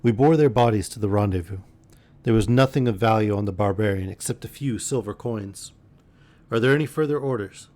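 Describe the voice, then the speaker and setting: A man voicing a rough male cutthroat who bluntly reports back to his master. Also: fairly low pitch, fairly quick, a little mellow, lightly acted.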